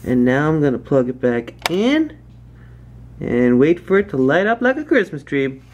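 In a lo-fi recording with a noisy background, a young woman with a deep, very animated voice talks at normal speed. She's a family vlogger chatting casually to camera, speaking straight to viewers and using playful baby talk with her toddler.

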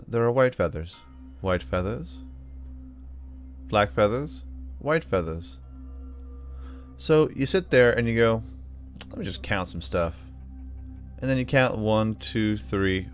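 Playful low-voiced gaming host. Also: male voice. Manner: playful, rambling, explains puzzle steps aloud. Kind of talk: let's play commentary.

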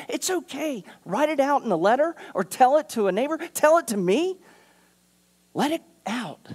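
A man pastor preaching a sermon in a church, earnest, moving from urgent appeals to hushed, quiet passages. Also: very high-pitched, big pitch swings, moderate pace. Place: church sanctuary.

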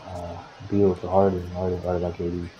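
A team manager in a basketball sim league casually calls the play-by-play of a simulated game for his own team, swearing often and grumbling at his players. His low voice is completely flat and moderately paced. The dull lo-fi recording carries a faint crowd and a little hiss or hum.

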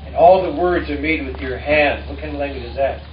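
Before a live audience, a musician and storyteller teaches in a relaxed way, speaking haltingly with lots of fillers and dry jokes. His voice is medium-pitched. The recording sounds distant, roomy and dull, with faint ambience and a little hiss or hum.

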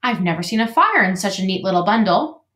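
A woman's voice: medium pitch, lively intonation, fairly quick, a bit bright, natural voice. A woman voicing a friendly, talkative male beaver builder with a folksy manner, in an echoey room. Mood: surprised.

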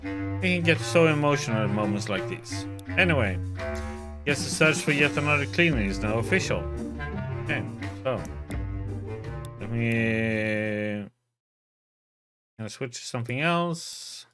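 A man's voice: mid-range voice, animated, measured pace, long pauses. A man giving casual, wry commentary while playing and reading a game aloud. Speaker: game streamer. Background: game music.

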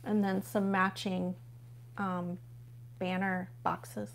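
This woman's voice is fairly high and measured, with slight background noise behind it. She's running a relaxed live unboxing stream from her home, enthusing about each item, flipping pages, and talking chattily with viewers.

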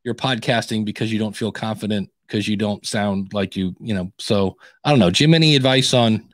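A man hosting a podcast advice show, chatting in a lively, animated way with frequent restarts. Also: lowish voice, normal speed, dry recording, studio quality. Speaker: podcast coach and host. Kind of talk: casual podcast advice chat.

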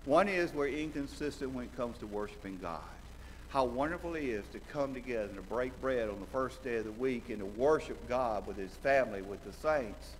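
A man from central Alabama, preaching a sermon, swinging between loud exclaiming and low quiet asides. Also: expressive, brisk. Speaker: visiting preacher. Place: church sanctuary. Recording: church hall reverb with faint noise.

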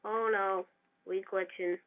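A gamer giving casual, excitable commentary over their own gameplay and trash-talking opponents. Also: medium pitch, slow. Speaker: gamer narrating own play. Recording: tinny lo-fi mic with faint hiss.

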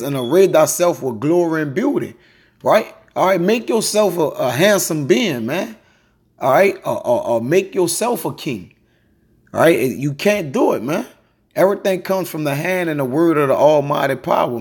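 A husky, slightly high-pitched man gives an informal Bible lesson. He reads scripture aloud and keeps dropping "man" and "all right" between phrases. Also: a little mellow. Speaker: Bible teacher.

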